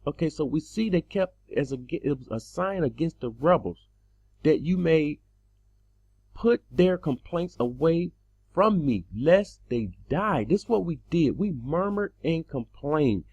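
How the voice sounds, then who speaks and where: Male preacher, lively swooping pitch, gravelly husky voice, dull lo-fi sound. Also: unhurried, no echo. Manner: impassioned, rising to loud emphatic bursts. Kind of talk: scripture teaching sermon.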